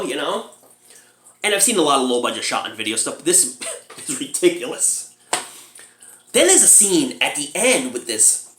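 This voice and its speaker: Man reviewer, casual and giggly, animated pitch, recorded in an echoey room. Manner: laughs often while retelling scenes, mimics characters in high squeals. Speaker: movie reviewer.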